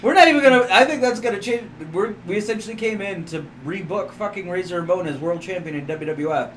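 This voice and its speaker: A man hosting a casual podcast chat, loud and profane and laughing often. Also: high voice, quick pace, a little hiss or hum. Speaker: podcast host.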